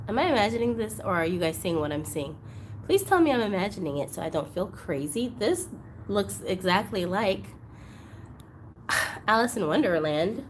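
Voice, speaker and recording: A woman hosting a doll collecting vlog, chatting casually and gushing excitedly over gifts, at times near tears. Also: medium pitch, normal speed, a little hiss or hum. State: emotional, close to tears. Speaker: doll collector channel host. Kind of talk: unboxing vlog chat.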